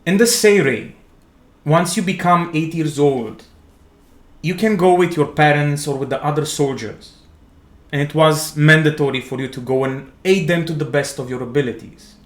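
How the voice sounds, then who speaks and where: A man, narrating a tabletop game as game master in a slow, dramatic second-person style. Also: on the high side, roomy sound.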